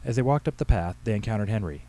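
Man reading his story briskly. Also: on the low side, expressive, mellow, slight background noise, rough recording. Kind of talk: storybook narration.

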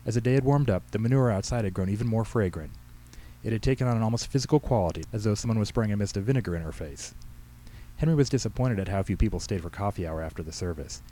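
A man reads his own humorous story aloud with a brisk, wry delivery. His voice is low and mellow, and he moves through the text at a fast clip. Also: expressive, rough recording. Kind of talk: storybook narration.

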